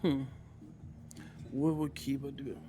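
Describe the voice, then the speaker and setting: A man's voice: medium pitch, flat delivery, slow, noisy background. A man, narrating a tabletop game as game master in a casual way, sighing and muttering to himself.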